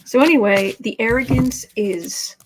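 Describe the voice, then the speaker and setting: A woman's voice: on the high side, a little slow, a little hiss or hum. A woman hosting a daily tarot livestream, reading viewer comments aloud and commenting on the cards in a chatty, sarcastic way. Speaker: tarot reader host.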